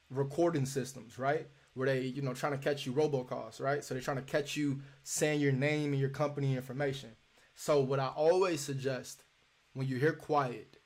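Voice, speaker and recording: A man's voice: medium pitch, a little mellow. A young man teaching a live cold calling lesson in a casual, repetitive way, acting out sample phone calls.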